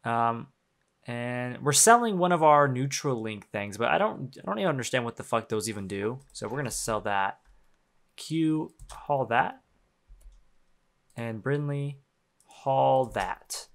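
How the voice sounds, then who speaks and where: Young male streamer, animated delivery, foul-mouthed, quick to laugh, typing audible. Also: medium pitch, gravelly. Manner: profane, excitable, laughs often. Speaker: game streamer. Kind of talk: casual gameplay commentary.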